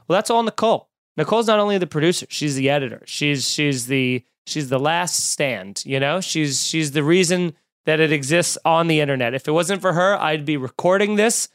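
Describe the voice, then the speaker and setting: A man, a stand-up comedian hosting a podcast, telling a story in a casual, animated and self-mocking way, with lots of swearing. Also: on the high side, a little fast, clear, resonant tone, dry recording, studio quality.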